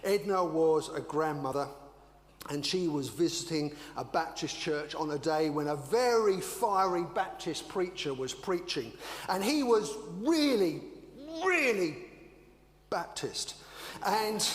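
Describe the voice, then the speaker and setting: An older man, an English minister, preaching a sermon with animated, rhetorical storytelling. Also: a little high, unhurried, pauses often. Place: church. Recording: echoey church hall with hum.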